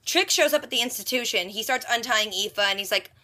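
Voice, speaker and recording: A woman with a bright, fairly high voice recaps a TV episode for her vlog. She talks casually and with lots of animation, breaking into exclamations of disbelief. The tone is tense and forward. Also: a little fast. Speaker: TV reaction vlogger.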